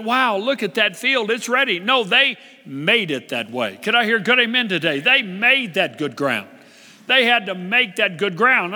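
A man's voice: high voice, bright, forceful tone. A man preaching a sermon as pastor, repeating his key phrases and asking the congregation to answer him. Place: church. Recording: long hall reverb.

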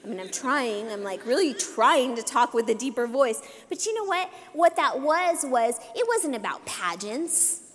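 High, girlish-voiced woman preaching. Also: expressive, normal speed, few pauses, fairly bright tone, big-room sound, a little hiss or hum. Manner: emphatic, repetitive exhortation with call-and-response amens. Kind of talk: sermon. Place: church sanctuary.

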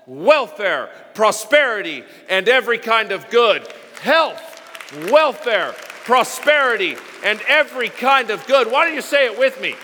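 A man preaching a sermon as pastor, emphatic and repetitive, chanting phrases and sometimes shouting. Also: very high-pitched, animated, a little slow, long reverb tail, some chatter behind. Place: church sanctuary.

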